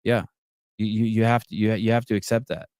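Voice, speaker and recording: A man with a fairly low, smooth and resonant voice hosts a live podcast. He swears freely, stumbles and restarts his words, and reads out comments from the chat. The sound is close and dry, with no room echo. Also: level tone, fast, a little mellow. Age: adult with children. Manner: blunt and profane, restarts words often. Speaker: podcast host. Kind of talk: casual live call-in chat, reading viewer comments.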